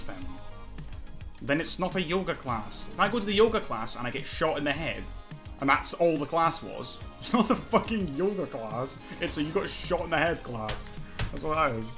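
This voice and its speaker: Male game streamer, bright tense voice, argumentative and profane, faint music under him. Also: on the high side. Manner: heated, profane, argumentative, self-critical. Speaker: streamer playing a competitive online game. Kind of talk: live gameplay commentary and ranting.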